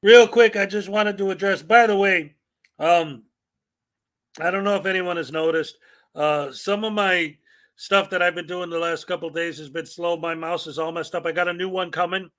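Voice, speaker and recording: A man's voice: sits high, steady tone, moderate pace, a bit bright. A man from Chicago with a Chicago accent, hosting a casual live-stream chat in a chatty, jokey way. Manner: chatty, jokey, laughs often. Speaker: show host.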